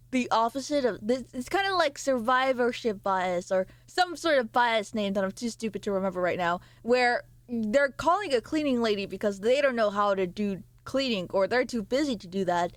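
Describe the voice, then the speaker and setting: A woman's voice: fairly high pitch, no echo. A woman streamer chatting casually with her live chat, swearing and laughing as she reacts to messages.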